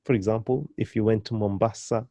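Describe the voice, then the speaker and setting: Patient, encouraging male teacher with a warm, dark tone, recorded dry and close, who drills each word slowly. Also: fairly low pitch, steady tone, no echo. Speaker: Swahili language teacher. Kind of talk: online language lesson.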